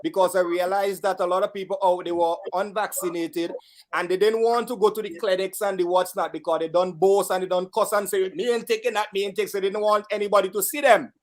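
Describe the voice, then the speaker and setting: High-voiced Vincentian man, playful. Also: steady tone, a little fast. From St Vincent and the Grenadines. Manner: playful, bawdy, shouting out lines. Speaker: calypsonian and parang singer, guest. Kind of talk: singing and chatting about his songs.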